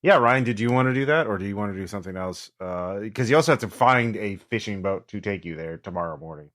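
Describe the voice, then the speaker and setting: A man with a low voice runs a tabletop game, narrating in a loose, chatty way full of "uh"s and "like"s. He sets scenes and calls for dice checks. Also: animated, quick pace, a bit bright. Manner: loose and conversational, many fillers. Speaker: game master.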